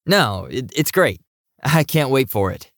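A man's voice: mid-range voice, measured pace, no room sound, clean studio sound, pitched above the performer's own voice. A man doing a modest, easygoing quarterback. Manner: relaxed, modest, gently teasing. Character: big modest young male quarterback, easygoing.

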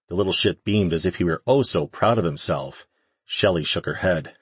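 A man narrating a fantasy audiobook in a steady, even reading. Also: deep voice, moderate pace, slightly rough, no room sound. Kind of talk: scripted narration.

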